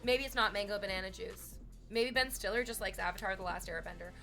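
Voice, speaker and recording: A woman's voice: mid-range voice, fast talker, sharp tone, soft background music. A young woman streamer chatting casually, rambling and profane, quoting comedy bits between laughs. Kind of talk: casual live-stream chat.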